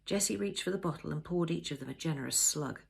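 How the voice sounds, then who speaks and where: Older female author narrating: low, gravelly, husky. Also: fast. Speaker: author reading her novel. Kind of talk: audiobook narration.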